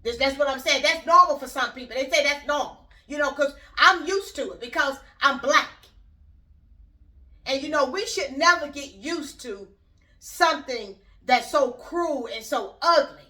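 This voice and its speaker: High bright woman, blunt rambling vlog talk, middle-aged, mic set back a bit. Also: measured pace, distant mic. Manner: blunt, rambling, talks straight to viewers. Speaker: YouTube channel host. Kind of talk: casual opinion vlog.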